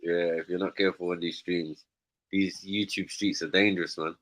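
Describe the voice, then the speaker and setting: A man with a lowish but bright, forceful voice, teasing his guest on a live stream. The sound is dry and close. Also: fairly even intonation, normal speed, dry recording. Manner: teasing, probing. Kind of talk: casual chat.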